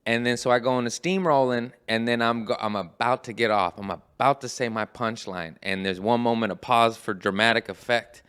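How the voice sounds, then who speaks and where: A man who is a stand-up comedian, telling a story in casual podcast chat, animated and profane, acting out quotes. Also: medium pitch, brisk, hardly any pauses, clear, resonant tone.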